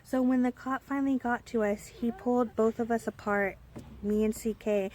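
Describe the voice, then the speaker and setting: A woman's voice: a little high, normal speed. Rambling young woman telling a story. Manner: rambling and animated, with many fillers and restarts. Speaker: storyteller vlogger. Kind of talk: casual storytime.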